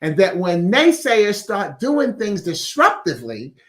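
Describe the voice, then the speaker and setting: A man's voice: high voice, huge pitch swings, measured pace, a bit bright. A man hosting a weekly inspirational message in a chatty, casual way, laughing at his own wordplay and reading out viewer comments. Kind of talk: casual motivational talk.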